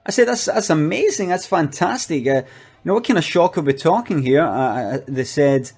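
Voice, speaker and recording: A man playing a hesitant, shady product promoter who fills his talk with halting pauses and deadpan asides. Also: a little high, slightly rough. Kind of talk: comic monologue.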